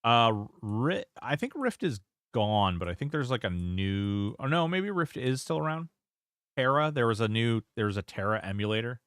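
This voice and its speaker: A man's voice: mid-range voice, sing-song, normal speed, a bit bright, clean tone, no room sound, clean studio sound. A man streaming a game, chatting casually, reading chat aloud and swearing now and then. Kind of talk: casual gameplay commentary.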